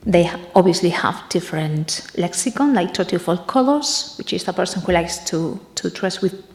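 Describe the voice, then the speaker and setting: A woman giving an academic conference talk, in a halting way that often pauses to search for the next word. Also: fairly low pitch, animated, darkish tone, roomy sound. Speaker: conference presenter.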